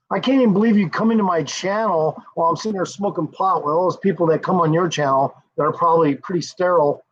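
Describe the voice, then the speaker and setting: A man's voice: fairly high pitch, breathy edge. An American man hosting a casual livestream, rambling and swearing, chuckling often as he talks to viewers. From United States. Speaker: livestream host. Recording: dull lo-fi stream audio.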